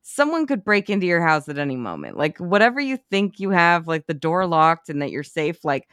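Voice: medium pitch, very animated, fairly quick, fairly bright tone, clean tone, no room sound, studio quality. A podcast co-host in casual movie chat, talking in a chatty way, swearing often and using lots of "like" fillers.

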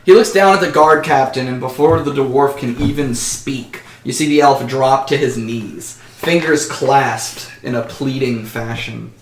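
A man's voice: mid-range voice, unhurried, few pauses, slight background noise. A man narrating a tabletop game as game master, casual with frequent fillers. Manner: casual, many fillers, laughs often. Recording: echoey room, far from mic.

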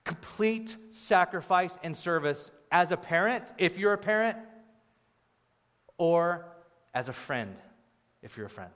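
A young male pastor delivers a sermon in a chatty, animated way, tossing in playful asides. His voice sits a little high. The sound has a long hall reverb, as in a church sanctuary. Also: unhurried, long pauses.

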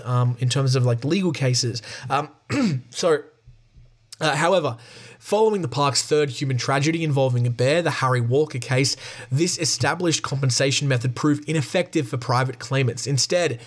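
A man casually reading aloud from a book, with ums and short dry asides between passages. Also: medium pitch. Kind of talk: casual read-aloud narration.

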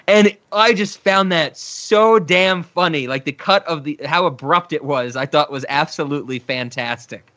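A man's voice: on the high side, normal speed, few pauses, pushed and bright. A man chatting casually, retelling scenes with laughter and animation. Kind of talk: casual chat. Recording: slightly dull sound.

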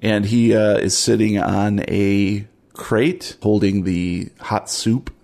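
A man with a low, gravelly voice runs a tabletop horror game. He describes each scene in a relaxed, loose way and sets up the dice rolls. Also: slow. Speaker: game master.

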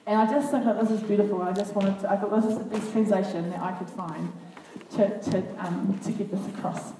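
A woman reading a children's Bible story aloud to a group, with earnest, expressive comments between passages. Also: mid-range voice, fairly quick. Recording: echoey room, far from the mic, faint noise.

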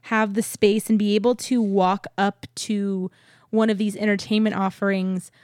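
A young woman co-hosting a relaxed podcast, talking in a chatty, rambling way and laughing easily. Her voice sits at a middle pitch. The sound is dry and close to the mic. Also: normal speed, no echo. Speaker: podcast co-host. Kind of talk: casual chat.

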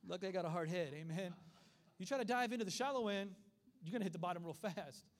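A middle-aged man preaching a sermon, telling stories in an animated way and acting out the voices of the people in them. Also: sits high, fast talker. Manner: animated storytelling with acted voices.

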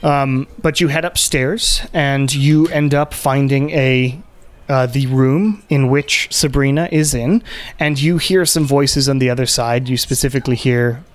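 A man's voice: mid-range voice, fairly even intonation, a little slow. Man rambling as game master. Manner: rambling, many fillers and restarts. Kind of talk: narrating a tabletop game.

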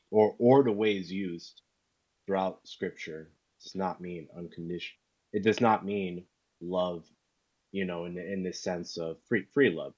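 A man co-hosting a podcast in casual chat, talking haltingly and repeating words. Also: sits low, darkish tone, husky, muffled recording. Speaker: podcast co-host.

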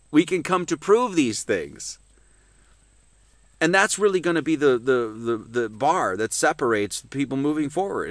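Guy preaching at sunday service, mid pitch voice, pushes hard then drops quiet, keeps restarting. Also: no echo. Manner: emphatic, swings from loud to hushed, many restarts.

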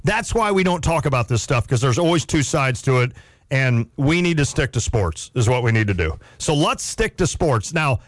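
A man's voice: medium pitch, moderate pace, no room sound. A man in his forties hosting a sports radio show, talking casually and laughing often. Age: 40s. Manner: chatty, laughs often, animated.

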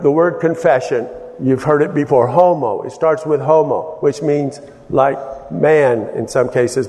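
A man preaching a Bible-teaching sermon, explaining in a halting way with many restarts and fillers. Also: fairly high pitch, dark tone, big-room sound.

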